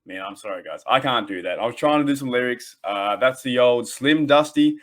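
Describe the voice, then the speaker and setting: A man's voice: medium pitch, normal speed, a bit bright. A man with an Australian accent hosting a casual podcast, rambling and joking with lots of fillers and restarts. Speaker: podcast host.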